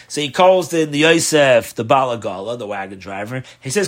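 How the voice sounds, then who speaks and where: A man's voice: medium pitch, fairly quick, few pauses. A man, a rabbi, telling a story in a loose lecture style and acting out the dialogue. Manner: animated, acts out the dialogue; loose, with fillers.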